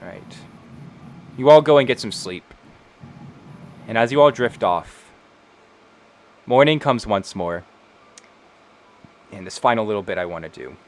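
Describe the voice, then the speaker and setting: A man running a tabletop game as game master, narrating scenes in a relaxed way with frequent fillers. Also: lowish voice, measured pace, pauses often.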